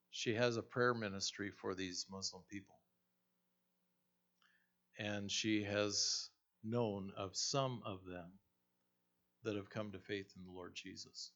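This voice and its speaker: Slow-talking male preacher, muffled. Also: lowish voice, a bit bright. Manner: slow, storytelling, with many fillers and restarts. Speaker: pastor. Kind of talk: sermon. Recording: dull lo-fi recording.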